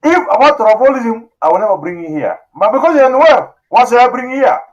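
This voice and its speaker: A man's voice: big pitch swings, brisk, highs cut off. A man hosting a talk show, talking with emotion, pleading and repeating himself. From South Sudan. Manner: emotional, pleading, repeats phrases, voice swings high and low. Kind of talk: impassioned call-in talk show.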